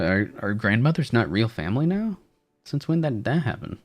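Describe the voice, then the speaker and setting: A man's voice: mid-range voice, very animated, normal speed, faint music behind. A man streaming a game demo review, making jokey, meme-filled asides. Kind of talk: live gameplay commentary.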